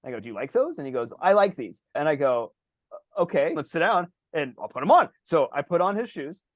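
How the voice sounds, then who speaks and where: Fast, lively man co-hosting a podcast. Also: on the high side, dry recording, studio quality. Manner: rambling, storytelling with lots of "like" and acted-out quotes; swears casually. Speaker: podcast co-host. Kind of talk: casual podcast chat.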